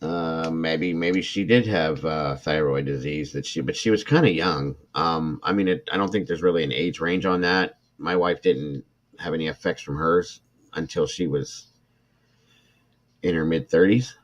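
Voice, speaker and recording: Deep-voiced irritated livestream host, a man. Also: moderate pace. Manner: emotional, irritated, talks to chat viewers by name. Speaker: true crime livestream host. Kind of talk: casual livestream commentary reading a report.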